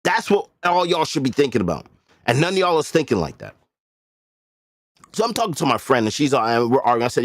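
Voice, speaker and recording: A man holds forth on his own livestream in a loose, blunt and profane manner, hammering his points home by repeating them. His voice sits at an ordinary pitch but rises and falls a great deal. The sound is close and dry, with no room around it. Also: very animated, fairly quick, no room sound. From Boston area. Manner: blunt, profane, emphatic repetition. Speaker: livestream host. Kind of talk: casual livestream rant.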